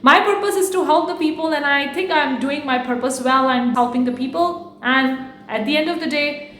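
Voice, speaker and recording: A fast-talking woman with a non-native English accent, speaking frankly and defensively to camera as an online business YouTuber. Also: high voice, fairly bright tone. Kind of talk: casual talk to camera. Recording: echoey room.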